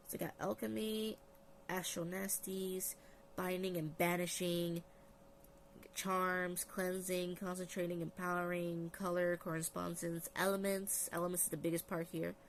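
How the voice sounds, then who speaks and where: A woman's voice: fairly low pitch, flat delivery, a little slow, a little hiss or hum. Tired, chatty woman reading out lists. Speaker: vlogger. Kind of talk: casual book review. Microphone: phone.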